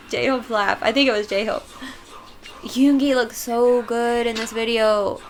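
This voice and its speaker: A woman's voice: a little high, fairly even intonation, slow pace. A young woman chatting casually and emotionally while reacting to music videos, rambling and often laughing.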